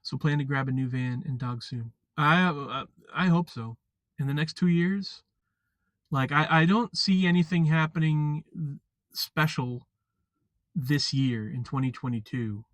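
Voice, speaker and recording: A man chatting casually on a live stream, rambling and halting with lots of fillers and restarts. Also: a little high, no echo. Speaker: vlogger.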